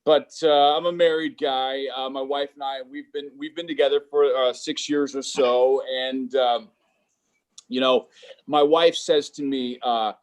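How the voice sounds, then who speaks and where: A man doing a stand-up set over a video call, halting and stammering, full of fillers. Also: mid-range voice. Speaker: stand-up comedian. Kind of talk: stand-up set on a virtual show. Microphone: computer mic on a video call.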